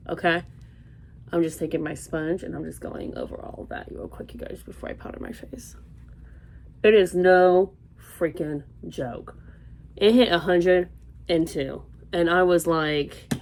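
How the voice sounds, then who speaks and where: A woman's voice: on the low side, unhurried, vocal fry, slight background noise. A young woman from Florida, chatting casually through a makeup tutorial, rambling and exclaiming, then murmuring as she works. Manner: animated, rambling, exclamatory, drops to murmurs while applying. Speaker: beauty vlogger.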